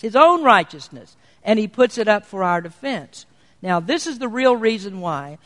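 A man preaching a sermon as pastor, earnest and deliberate, slowing down to stress key words. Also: high voice, fairly bright tone, big-room sound. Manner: earnest preaching, slows for emphasis.

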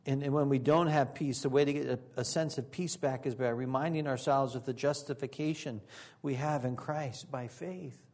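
A man's voice: medium pitch, fairly even intonation, normal speed, darkish tone. A man preaching a sermon as pastor, earnest and emphatic, with occasional joking asides.

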